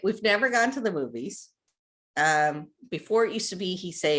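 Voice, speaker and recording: A mother calls in with a question about her child, speaking low with an expressive, rising and falling voice. She hesitates and fills her pauses as she explains. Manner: hesitant, many fillers. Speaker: caller, parent. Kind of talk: call-in question.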